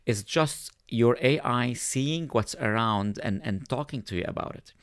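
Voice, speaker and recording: A man speaking as a podcast guest, explaining at length in a thoughtful way and pausing on fillers. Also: mid-range voice, clear, resonant tone, dry recording, clean studio sound. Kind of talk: conversational explaining.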